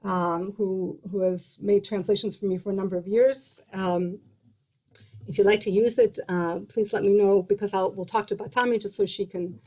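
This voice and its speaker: A woman's voice: medium pitch, fairly even intonation, moderate pace, dark tone, rough recording. A woman cantor teaching a song over a video call, explaining in a chatty way with fillers and restarts. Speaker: cantor and guest host.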